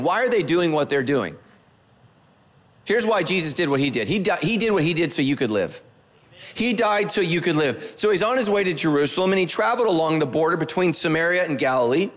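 A man's voice: a little high, fairly bright tone, in a large hall. A male pastor giving a conversational sermon, repeating phrases and asking the congregation questions. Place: church sanctuary.

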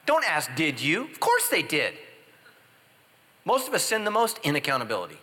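A man preaching a humorous sermon as a pastor, telling stories and swinging from loud high exclamations to quiet confessional asides. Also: normal speed, big-room sound. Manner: animated, jumps into loud high exclamations and drops to hushed confessions.

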